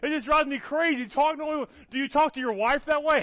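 A guest preacher with a very high-pitched, brisk male voice tells stories through his sermon, animated and repeatedly asking "okay? all right?". The recording is dull, lo-fi, and dry.

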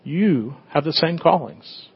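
A middle-aged man, a pastor, preaching a conversational sermon, swinging between loud bursts and hushed tender moments. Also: a little high, expressive, slow, vocal fry, husky, highs cut off.

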